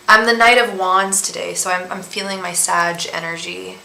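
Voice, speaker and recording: A young tarot reader and psychic host rambles casually to her live-stream viewers in a steady, medium-pitched voice that's gravelly with a sharp tone. She talks at normal speed with few pauses. The room is echoey, with slight background noise.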